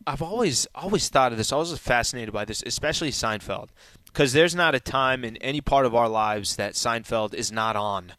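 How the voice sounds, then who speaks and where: A man co-hosting a sports radio show, chatting casually and musing aloud, his pitch climbing when he pushes a point. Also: moderate pace, bright, forceful tone, no echo.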